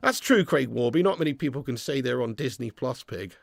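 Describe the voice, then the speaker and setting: A man hosting a live football watch-along, reading viewers' messages and ranting with lots of swearing, loud one moment and low and glum the next. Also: animated, fairly quick, gravelly, dry recording, clean studio sound. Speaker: YouTube fan channel host.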